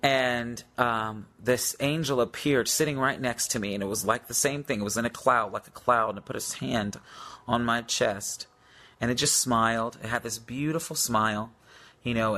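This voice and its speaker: A man's voice: mid-range voice, steady tone, moderate pace, sharp tone. A man preaching in a live-stream devotional, repeating declarations for listeners to say after him.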